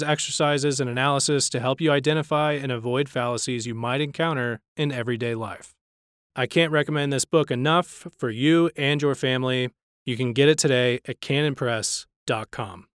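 A man with a smooth, resonant voice reads a scripted podcast intro. The sound is dry and close, with no room around it. His delivery is even and polished. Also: medium pitch, no echo. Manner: smooth, read-aloud delivery. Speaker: podcast host.

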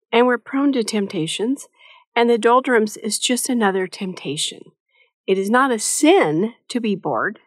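A middle-aged woman delivers a devotional teaching talk with a motherly, practical manner and the odd wry aside. Her voice sits at an ordinary pitch for a woman. It is recorded dry, with almost no room sound. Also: dry recording. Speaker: Christian devotional speaker.

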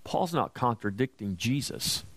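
Male pastor, mid pitch, very slow and emphatic sermon delivery, dry close sound. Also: lively intonation, no room sound. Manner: slow, emphatic preaching that rises loud and high at questions and quoted scripture. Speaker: preacher.

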